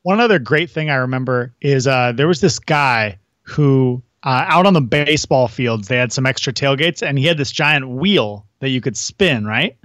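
A man's voice: medium pitch, expressive, normal speed, few pauses, fairly bright tone, dry recording. A man co-hosting a casual podcast chat in an easygoing way, saying "dude" often. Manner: easygoing, says "dude" a lot.

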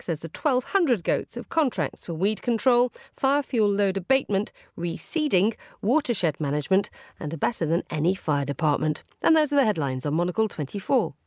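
A woman's voice: lowish voice, a little mellow, no room sound. Dry-humored female news presenter. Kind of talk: news reading and banter.

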